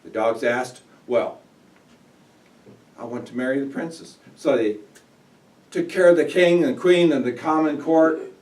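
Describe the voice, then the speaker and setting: A man at a club meeting telling a memorized fairy tale as a speech, rising loud on the big moments. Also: mid-range voice, unhurried, long pauses. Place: meeting room. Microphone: room mic from a distance. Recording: echoey room, distant mic.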